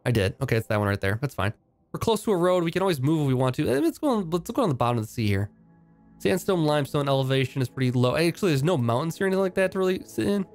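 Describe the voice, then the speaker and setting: A man's voice: a little high, sing-song, racing, darkish tone, faint music behind. A man giving casual, upbeat commentary while playing a video game, thinking aloud with frequent fillers and restarts. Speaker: game streamer.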